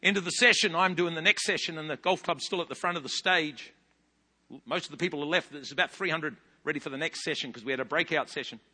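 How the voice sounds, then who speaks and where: A man in his fifties with a New Zealand accent, preaching a sermon as a pastor, telling stories animatedly and rising into loud bursts. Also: fairly high pitch, fast talker, breathy edge. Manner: animated storytelling with big loud rises. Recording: long hall reverb.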